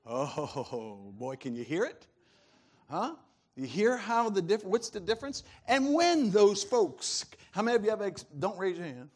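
A male pastor preaching a sermon, animated, laughing often and swinging between loud calls and soft asides. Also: on the high side, a little slow.

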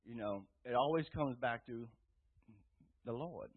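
A man giving an earnest, rambling personal testimony to a church group, rising loud when he quotes himself, with a tinny phone-like sound. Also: medium pitch, measured pace, husky. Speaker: testimony speaker.

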